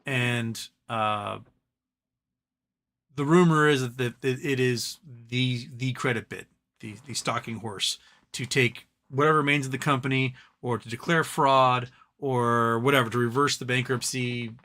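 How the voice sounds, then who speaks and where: A man's voice: mid-range voice, measured pace, sharp tone. A man hosting a casual live stream, ranting animatedly and mocking other people's voices as he quotes them.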